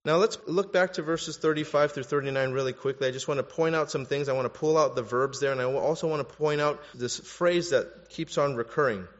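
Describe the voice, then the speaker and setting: A male pastor delivers a sermon, his slightly high voice swelling in pitch and volume when he drives home a point. The sound is muffled and lo-fi, carried by the long reverb of a large hall. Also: brisk, few pauses. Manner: animated, rises in pitch and volume for emphasis.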